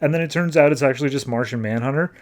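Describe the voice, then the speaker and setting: A man's voice: mid-range voice, rapid-fire. A man hosting a podcast, recapping a comic book in a breezy, offhand way and filling his talk with "like". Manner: offhand, breezy storytelling full of "like". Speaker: podcast host.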